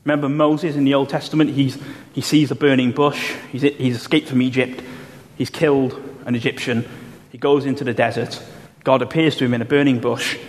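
A man preaching a sermon, explaining Bible passages in a measured way and slowing down to stress key phrases. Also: medium pitch. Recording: long hall reverb, faint room noise.

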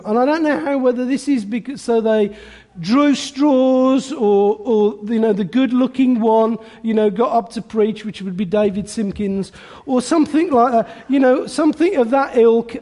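A man's voice: very high voice, a little mellow, long reverb tail. A man preaching a sermon, telling a story with chatty asides.

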